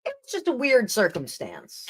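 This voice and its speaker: A woman's voice: a little high, wildly swooping pitch, unhurried, breathy edge. A woman hosting a live tarot stream, chatting casually and rambling, with frequent laughs and restarts. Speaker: tarot reader and livestream host. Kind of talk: casual livestream chat.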